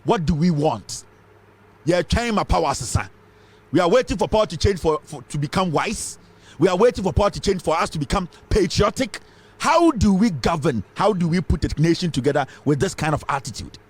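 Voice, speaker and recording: A man's voice: high-pitched, expressive, a little fast, breathy edge. A man from Ghana with a Ghanaian accent, giving fiery political commentary full of rhetorical questions. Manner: fiery, rhetorical questions, mixes English and Twi.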